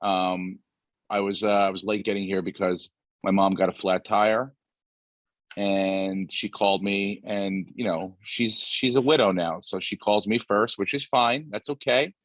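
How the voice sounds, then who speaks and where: A man's voice: on the low side, steady tone, measured pace, no echo. Profane rambling man hosting a podcast. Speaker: podcast host. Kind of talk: casual podcast chat.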